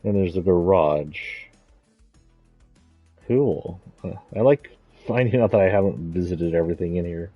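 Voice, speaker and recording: A man's voice: low-pitched, a little slow, slightly rough, no echo, phone-quality sound, soft background music. A man giving casual, rambling gameplay commentary, thinking aloud and correcting himself as he goes. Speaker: streamer.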